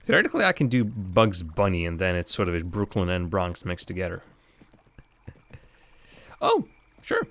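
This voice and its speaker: A man's voice: low voice, animated, fast, hardly any pauses, fairly bright tone, no room sound. A man giving casual, rambling commentary while streaming a game live, chatting with viewers and laughing often.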